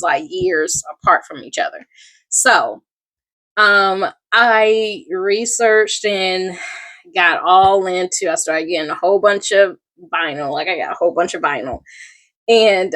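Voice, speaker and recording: A woman's voice: medium pitch, fairly bright tone. A middle-aged woman, telling her story in a rambling, chatty personal vlog, full of fillers and asides. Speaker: small craft business owner.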